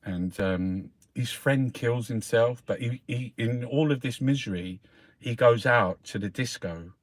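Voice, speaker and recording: A South London man with a Cockney accent hosts a newspaper review, rambling through a casual monologue at an unhurried pace. His voice sits in the mid-range with no room sound, and he swears constantly while calling the listener mate.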